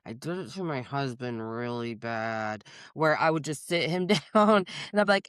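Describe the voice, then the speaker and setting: A woman's voice: deep voice, expressive, moderate pace, few pauses, a bit bright, dry recording, clean studio sound. A woman therapist hosting a podcast, speaking in candid casual chat, blunt and profane and laughing often.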